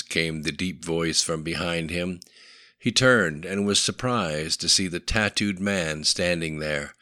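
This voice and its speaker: A man narrating a thriller audiobook in a steady, measured way. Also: a bass voice, no room sound, clean studio sound.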